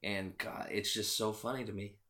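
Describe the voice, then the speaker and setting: A man with a lowish voice and a bright, forceful tone talks casually on a podcast. He sounds laid-back and agreeable. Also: steady tone, moderate pace. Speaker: podcast co-host. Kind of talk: casual chat.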